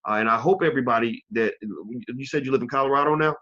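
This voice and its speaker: A man hosting an online interview show, talking in a halting way with many fillers and restarts. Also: medium pitch, bright, forceful tone, dull audio. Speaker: host.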